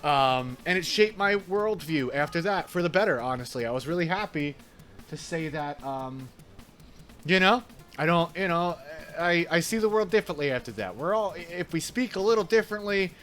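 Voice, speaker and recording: A man's voice: fairly high pitch, lively intonation, moderate pace, fairly bright tone, soft background music. A man from New York with an Italian-American New York accent, chatting casually and laughing while streaming a game. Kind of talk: casual chat while gaming.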